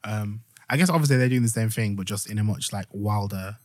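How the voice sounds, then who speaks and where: A man's voice: fairly low pitch, brisk, no room sound, studio quality. A young man with a Yorkshire accent, co-hosting a podcast in casual chat, rambling with many fillers and restarts as he retells stories. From Yorkshire, England. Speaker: podcast co-host.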